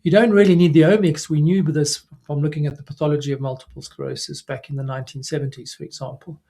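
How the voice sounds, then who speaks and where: Lecturing neurologist, mellow male voice. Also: a little high, steady tone, gravelly. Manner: measured, with frequent fillers and self-corrections. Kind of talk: recorded scientific lecture. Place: remote recording away from the audience.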